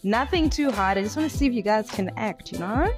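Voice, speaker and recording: A woman's voice: on the high side, lively intonation, brisk, over music. A woman running a game segment on a chat show, breezy and teasing, with frequent giggles. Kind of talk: casual chat.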